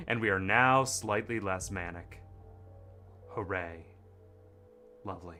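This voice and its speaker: A young man streaming a game, reading the characters' lines aloud and breaking off into loud, excited chatter with his viewers. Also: low voice, takes it slowly, long pauses, faint music behind.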